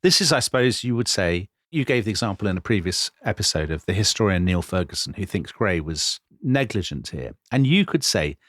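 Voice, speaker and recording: A man co-hosting a podcast, telling history in a lively conversational way and acting out quoted lines. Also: on the low side, a little fast, hardly any pauses, no echo, studio quality. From Britain. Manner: animated, dramatizing quotes with voice changes. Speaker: podcast co-host.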